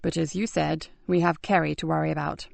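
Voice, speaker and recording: A woman voicing a calm, thoughtful male detective sergeant in an audiobook, speaking in a measured way. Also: deep voice, gravelly, dry recording. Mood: pensive. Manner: measured and pensive. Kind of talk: audiobook character voice.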